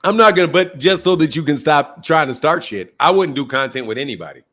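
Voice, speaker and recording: A man's voice: fairly high pitch, lively intonation, fairly quick, a bit bright. A man from the United States hosting a boxing channel, chatting casually on a live stream, boastful and joking, swearing freely.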